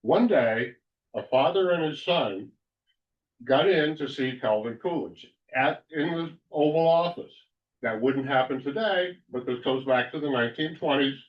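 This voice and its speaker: A man's voice: mid-range voice, a little slow. Man leading a meeting, heard from afar. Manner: lively, chatty, introduces a joke. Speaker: meeting leader. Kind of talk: running a club meeting. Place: meeting room at a club lunch. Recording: distant mic, dull lo-fi sound.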